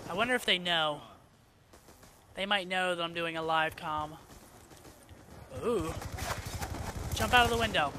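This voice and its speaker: A young man with a high, bright voice gives live commentary over a shooter game. He talks fast and excitably, swears freely and keeps breaking into frustrated outbursts. Loud game noise runs underneath him. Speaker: gamer commentating his own match. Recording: noisy game sound underneath. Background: game gunfire and effects.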